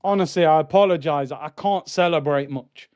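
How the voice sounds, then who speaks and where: At normal speed, a young man with a smooth, slightly high voice reacts live to a football match on stream. Excitable, he yells at goals, then grumbles and reads the chat aloud, with no room sound and the highs cut off.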